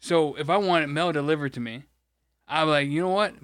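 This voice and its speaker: A man's voice: on the high side, a little fast, fairly bright tone, dry recording, studio quality. A man from Michigan, co-hosting a podcast, rambling through an exasperated, profane story in casual chat. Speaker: podcast co-host.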